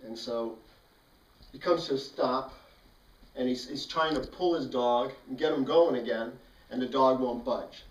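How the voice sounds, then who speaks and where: A man tells a childhood story in a relaxed, matter-of-fact way, with a dry, wry edge. His voice sits at an ordinary pitch for a man. The recording is roomy, with the mic set some distance away. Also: a little slow. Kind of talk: casual spoken storytelling.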